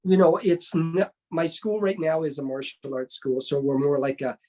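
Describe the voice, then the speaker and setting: A man, a martial arts instructor, telling stories casually in an interview and acting out remembered dialogue with lively energy. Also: fairly high pitch, normal speed. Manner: lively storyteller who acts out remembered dialogue.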